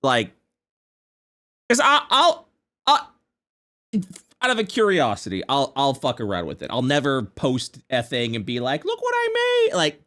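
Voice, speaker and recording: A man's voice: medium pitch, a little slow, long pauses. A young man and podcast co-host in casual chat, swearing a lot and restarting his sentences. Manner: animated, swearing, trails off and restarts. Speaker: podcast co-host and game master.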